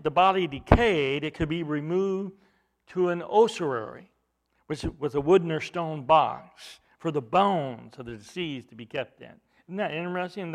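High-voiced man preaching a sermon. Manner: rising and falling emphasis, repeats words while building points.

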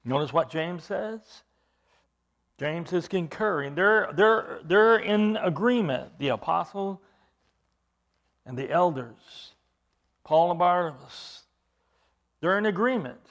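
Male preacher, high voice, gravelly edge, emphatic, rhetorical questions, reads verses then explains. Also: expressive, takes it slowly, pauses often. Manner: emphatic, rising to loud stresses on key words. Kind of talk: expository sermon reading scripture.

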